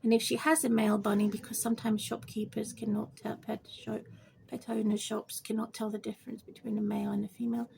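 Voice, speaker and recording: Talking fast with a flat, creaky delivery and darkish tone, this woman vlogs about her pet bird, rambling and going over the same points. She breaks off to address the bird directly in a high sing-song, with slight background noise in the clip.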